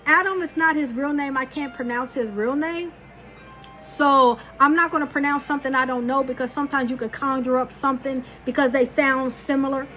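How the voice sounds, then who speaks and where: A woman talking casually and bluntly to her viewers as a spiritual vlogger, animated and often profane. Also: high voice, a little fast, faint music behind.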